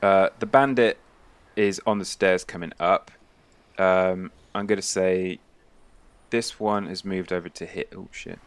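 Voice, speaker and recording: Low-voiced game master. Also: male voice, steady tone, a little slow, smooth. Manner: loose, rambling, full of fillers. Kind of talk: narrating a tabletop game.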